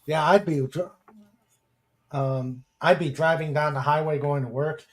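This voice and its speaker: Slow-talking, higher-voiced male podcast host. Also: fairly even intonation. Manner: chatty, chuckling, with many fillers. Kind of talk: casual live-stream chat, reading viewer comments.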